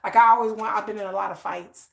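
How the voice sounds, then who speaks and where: A woman in her thirties chatting on a live stream, telling animated stories and acting out what people said. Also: mid-range voice, fast, vocal fry. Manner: animated storytelling, acting out quoted lines. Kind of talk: casual live-stream chat. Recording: echoey room.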